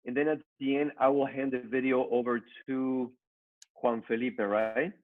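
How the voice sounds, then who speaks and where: A man's voice: mid-range voice, little pitch movement, normal speed. A man on a live video call, politely sorting out a technical problem before his talk. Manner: polite, sorting out tech trouble. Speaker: event speaker. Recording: tinny phone-like line.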